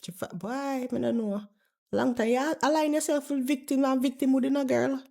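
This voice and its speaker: A woman's voice: high voice, steady tone, normal speed, vocal fry, mellow. A woman doing blunt, mocking reaction commentary and swearing freely.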